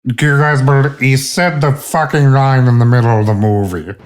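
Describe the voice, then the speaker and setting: A man's voice: medium pitch, fairly even intonation, normal speed, natural voice. A man doing a sneering film villain.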